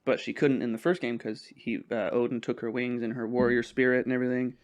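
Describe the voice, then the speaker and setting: A man's voice: medium pitch, little pitch movement, fast talker, clear, resonant tone. Young man, podcast co-host, casual chat, laughs a lot, acts out quotes, mid-range voice. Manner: laid-back, laughs often, acts out quotes.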